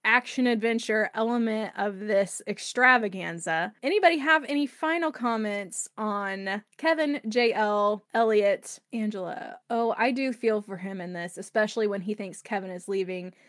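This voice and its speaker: A woman hosting a book podcast, chatting casually and expressively about a novel, opinionated and quick to laugh. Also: mid-range voice, a bit bright, no room sound, clean studio sound. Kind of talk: casual solo book discussion.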